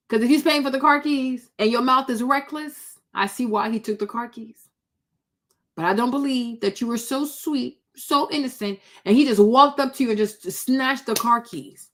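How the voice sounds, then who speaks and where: A woman with a high voice gives blunt, sassy reaction commentary as a vlogger. She scolds with pointed rhetorical questions and a no-nonsense edge. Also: a bit bright.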